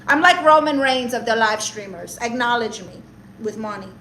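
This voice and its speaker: A woman's voice: a little high, normal speed, sharp tone, a little hiss or hum, poor audio. A woman live streaming, reading viewer messages and roasting them in a sassy, mock-arrogant way, dropping Spanish words.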